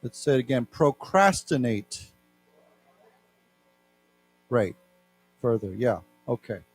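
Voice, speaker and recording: A man with an American accent giving a live English lesson, reading news aloud slowly and explaining words to his class. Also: mid-range voice, mellow. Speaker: English teacher. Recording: faint mains hum.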